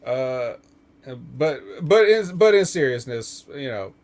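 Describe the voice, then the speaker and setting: A man's voice: mid-range voice, very animated, slow pace, a little mellow. A man hosting a casual wrestling talk podcast, rambling with lots of fillers and frequent chuckles. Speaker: podcast host.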